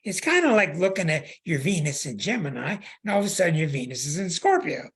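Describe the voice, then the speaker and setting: Man, astrologer host, call-in chart reading, husky, very animated pitch, emphatic and repetitive. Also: fairly quick. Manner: emphatic, repetitive, plain-spoken.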